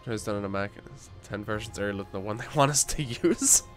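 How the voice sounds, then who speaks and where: A man's voice: fairly low pitch, fairly quick, soft background music. A young man livestreaming a game while sick and tired, chatting casually with viewers, with frequent fillers, restarts and the odd voice crack. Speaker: gaming livestreamer.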